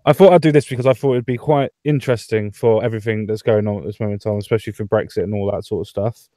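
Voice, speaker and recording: A man's voice: on the low side, steady tone, rapid-fire, warm tone, no room sound. A man from Britain hosting a casual political chat online, swearing freely and laughing often. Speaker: podcast host.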